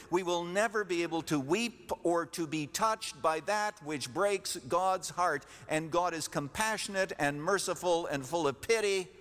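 A man preaching a sermon as pastor, emphatic, repeating his key phrases and rising in pitch to stress a point. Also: fairly bright tone. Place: church sanctuary. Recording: long reverb of a church hall.

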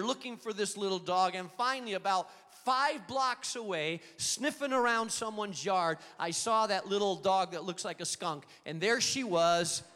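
A man preaching a sermon to an auditorium, telling a story and acting out the quoted lines with lively energy. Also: high-pitched, clean tone. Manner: storytelling, animated, acts out quotes. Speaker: pastor. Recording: long reverb of a hall.

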